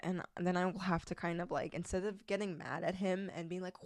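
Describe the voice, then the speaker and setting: Young woman doing a faith podcast, kinda low voice, laughs a lot, dry close sound. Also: moderate pace, no room sound. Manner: casual, chatty, laughs often, reads scripture aloud. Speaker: podcast host. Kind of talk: faith-based advice talk.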